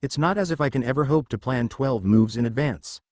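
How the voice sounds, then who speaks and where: A man's voice: mid-range voice, brisk, a little mellow, no echo, natural voice. A man voicing a brash, grumbling young ninja. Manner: grumbling, sarcastic.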